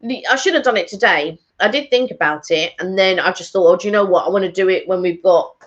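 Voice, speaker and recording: A woman chats on a live stream at a middling pitch, wandering from thought to thought with plenty of ums and restarts. The audio is dull and lo-fi, like a stream captured through a basic setup. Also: fast. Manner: chatty, rambling with frequent fillers. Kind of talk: casual live-stream chat.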